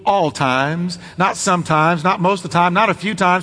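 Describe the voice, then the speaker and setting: A male pastor preaching with a high, lively voice and a bright, forceful edge. He drives his points home through dramatic repetition. A long hall echo carries his words. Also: moderate pace, few pauses, breathy edge. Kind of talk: sermon.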